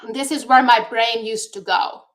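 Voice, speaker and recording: A woman guest on a talk show, speaking in a deliberate, encouraging way over a video call. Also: a little high, fairly even intonation, a bit bright. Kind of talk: motivational talk-show chat.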